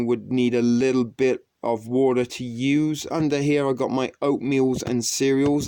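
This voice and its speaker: A man's voice: mid-range voice, darkish tone, no echo. A man giving a casual tour of his food stores, rambling and joking with many ums, speaking English as a second language. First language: not English. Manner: rambling, jokey, with frequent ums. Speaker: vlogger. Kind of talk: casual home pantry tour.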